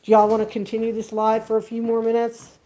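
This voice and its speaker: A woman's voice: fairly high pitch, monotone, fast talker, warm tone. A woman chatting casually with viewers on her livestream, rambling from topic to topic. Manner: rambling, friendly, talks sing-song baby talk to her dogs. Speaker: livestream host. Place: home kitchen and backyard.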